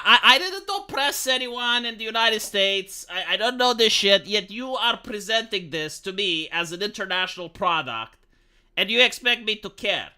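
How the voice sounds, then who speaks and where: A man's voice: high voice, bright, forceful tone, clear, resonant tone. A man from Romania, ranting profanely and sarcastically on a live stream about a film.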